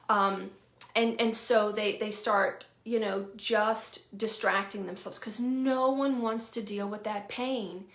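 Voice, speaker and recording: A woman with a Southern drawl speaks as a healing coach, chatting to camera in a frank, casual way. She swears freely and laughs easily, her voice sitting at an ordinary pitch. The room gives her words a noticeable echo. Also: fairly even intonation, measured pace, fairly bright tone. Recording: roomy echo.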